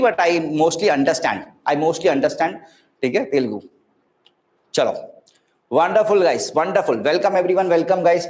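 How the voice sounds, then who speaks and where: Upbeat Indian man teaching online. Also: sits high. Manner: chatty, encouraging, mixes Hindi words into English. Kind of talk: live online class talking to students. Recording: echoey room.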